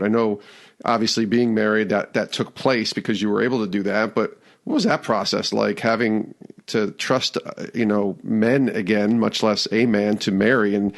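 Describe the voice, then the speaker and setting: A man with a fairly low voice hosts the interview. He asks long, considerate questions, hesitating and rephrasing as he goes. His tone stays gentle and reflective. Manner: thoughtful, gentle, searching for words. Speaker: podcast host.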